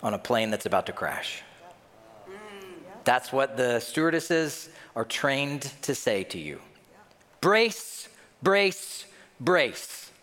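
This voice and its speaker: A man preaching a sermon as pastor, telling stories in an animated way and acting out quoted voices. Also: mid-range voice, measured pace, in a large hall.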